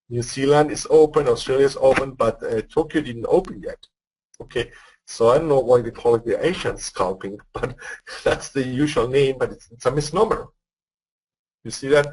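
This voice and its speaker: With a darkish, medium-pitched voice that has a breathy edge, a man runs a live trading webinar, breaking the material down step by step. He repeats words and frequently checks whether listeners understand. The recording is rough.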